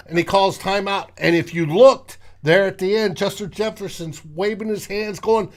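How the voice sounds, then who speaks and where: A man hosting a casual sports talk show, animated and acting out quotes with sudden loud bursts. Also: high voice, normal speed, hardly any pauses. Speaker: podcast host.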